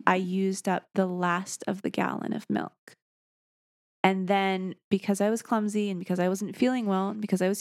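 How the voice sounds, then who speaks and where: Woman with a creaky voice. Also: mid-range voice, no room sound, studio quality. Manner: chatty storyteller, self-deprecating. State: sleep-deprived. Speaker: podcast co-host. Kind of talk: casual chat.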